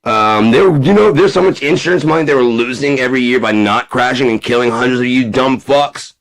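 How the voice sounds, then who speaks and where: A man mocking a blustering, boastful older politician with a profane, shouting delivery. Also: mid-range voice, brisk, gravelly, pitched above the performer's own voice, natural voice, poor audio.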